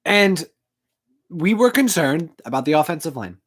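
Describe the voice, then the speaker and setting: Recording on a home setup, a sports fan vlogger delivers an angry, profane, emotional postgame rant. She has a deep, husky, sing-song voice and speaks at normal speed.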